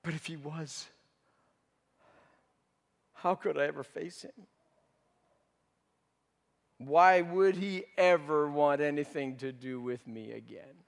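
A man playing Peter, guilt-stricken, high voice. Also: takes it slowly, creaky, long pauses. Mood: grieving. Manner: anguished storytelling, swinging between urgent outbursts and hushed confession. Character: remorseful male disciple Peter, grown man haunted by guilt. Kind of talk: dramatic first-person monologue. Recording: long reverb of a large hall.

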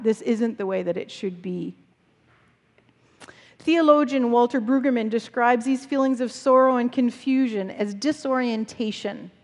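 A woman delivers a sermon in an earnest, reflective way, letting her measured phrases settle. Her voice sits a little high, and it rings out with the long reverb of a large church hall. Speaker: preacher.

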